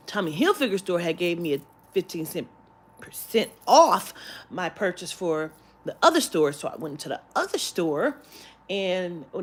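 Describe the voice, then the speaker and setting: Animated, cursing storytelling woman. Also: lowish voice, slightly rough. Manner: animated, profane, exasperated storytelling. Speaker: vlogger. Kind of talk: storytime vlog. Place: shopping area.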